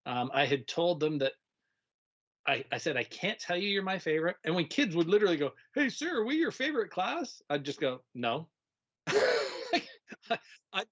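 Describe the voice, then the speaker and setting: Animated middle-aged man, slightly dull audio. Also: fairly high pitch. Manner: animated, acts out kids' voices, laughs often. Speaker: retired teacher, guest. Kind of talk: casual storytelling conversation.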